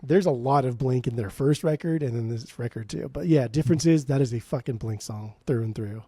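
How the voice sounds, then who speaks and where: Chill podcast dude, warm mellow voice, swears a lot, dry sound. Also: male voice, medium pitch, brisk, husky, no echo. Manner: laid-back, profane, offhand. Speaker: podcast co-host. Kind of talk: casual music review chat.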